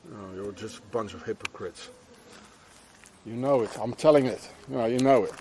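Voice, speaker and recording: Lowish-voiced man, scolding outdoor rant, repetitive, filler-heavy. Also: darkish tone, a little hiss or hum. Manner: ranting, repetitive, scolding, many filler phrases. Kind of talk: angry street rant to camera.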